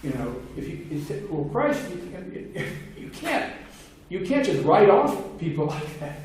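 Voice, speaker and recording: A man's voice: high voice, very animated, takes it slowly, darkish tone. An older man speaks in a discursive academic manner, with many restarts and fillers. The recording is distant and heavily echoey. Faint background hiss sits under his voice. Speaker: philosophy lecturer. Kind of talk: seminar talk. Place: seminar room.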